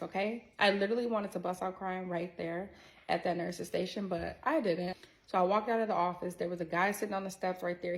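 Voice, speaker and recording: A woman telling a personal story to her viewers in a candid, animated way, swearing freely as she goes. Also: on the low side, gravelly, poor audio. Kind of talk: casual storytelling to camera.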